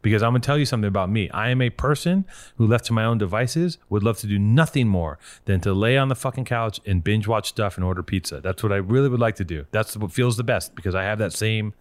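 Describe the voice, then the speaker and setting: A man hosting a call-in show, giving blunt, profane motivational talk and telling stories with animated energy. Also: lowish voice, quick pace, dry recording.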